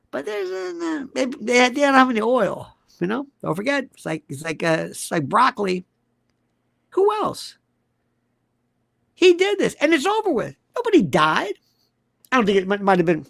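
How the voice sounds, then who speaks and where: A man's voice: vocal fry, a bit bright, no echo, studio quality. An older man hosting political commentary, ranting in a blunt, crude and mocking way. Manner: blunt, crude and mocking, shifts pitch a lot.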